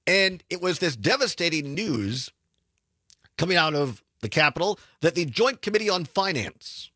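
A man's voice: a little high, a little slow, pauses often, dry recording. A man, hosting a political talk radio show in a studio, chatty and sarcastic as he tells stories. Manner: chatty, sarcastic, animated storytelling.

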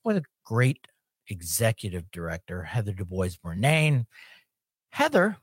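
Lively, joking male podcast host. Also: on the low side, measured pace, husky, no room sound, studio quality. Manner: lively, joking, laughs often. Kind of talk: casual chat.

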